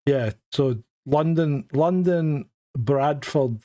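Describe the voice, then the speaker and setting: Joking man from Scotland, higher voice. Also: very slow, dark tone. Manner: chatty, joking, trailing restarts. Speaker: co-host of a live stream. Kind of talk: casual chat.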